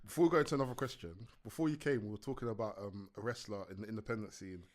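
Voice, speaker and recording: A man hosting a casual podcast, jokey and quick, steering the conversation. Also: on the low side, a little mellow. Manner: quick, jokey, leading the talk. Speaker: podcast host. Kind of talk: casual chat.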